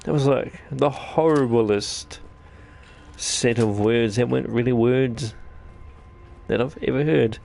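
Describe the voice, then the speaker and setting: Kiwi guy with a gravelly voice doing let's-play commentary, rambly and jokey. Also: mid-range voice, slow, a little mellow. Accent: New Zealand. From New Zealand. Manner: rambling, jokey, self-deprecating chatter. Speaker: gaming channel host.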